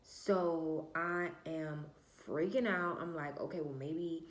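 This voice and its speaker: A woman's voice: deep voice, steady tone, takes it slowly, reverberant. A woman vlogger telling a personal story in a casual, candid monologue, swearing freely and talking straight to her viewers. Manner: emphatic, repeats herself and trails off with "da, da, da".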